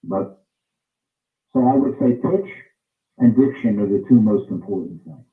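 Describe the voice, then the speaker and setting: A man's voice: fairly low pitch, unhurried, far from the mic. A man in an interview, explaining what he looks for in singers in an emphatic way, repeating his points for stress. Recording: tinny phone-like sound, roomy, off-mic.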